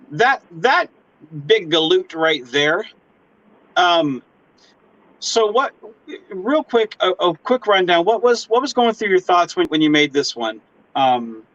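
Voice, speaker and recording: A fairly high-voiced, excitable man hosting a casual chat. He swears freely and bursts into acted-out voices. His sound is dry and a little muffled. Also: takes it slowly, long pauses, dry recording. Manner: excitable, swearing, acts out voices with big pitch jumps. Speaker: host.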